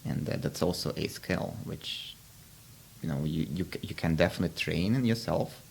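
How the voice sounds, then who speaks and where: Very deep gravelly man, explaining. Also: normal speed, darkish tone, slight background noise. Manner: reflective, explanatory, frequent restarts. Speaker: podcast host. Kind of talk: casual interview chat.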